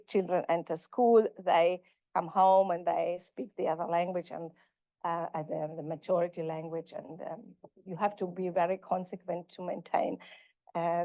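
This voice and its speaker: A woman professor giving an academic conference lecture, halting and correcting herself as she goes. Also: lowish voice, mellow, no room sound. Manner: halting, self-correcting delivery. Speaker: linguistics professor.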